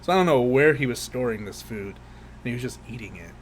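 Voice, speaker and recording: A man's voice: medium pitch, lively intonation, brisk, a little hiss or hum. A young man co-hosting a podcast, telling rambling, profane stories in casual chat and laughing often. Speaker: podcast co-host.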